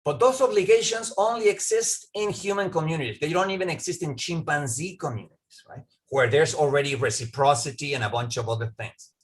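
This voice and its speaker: A man's voice: fairly high pitch, fairly quick. A man answering an audience question in a lecture over a video call, talking discursively, repeating words as he starts sentences and often checking in with "right?". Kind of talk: academic Q&A answer.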